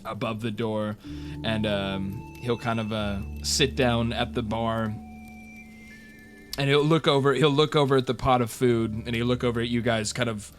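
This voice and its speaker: A man's voice: mid-range voice, steady tone, normal speed, soft background music. A man narrating as game master of a tabletop game, hesitant, with many fillers.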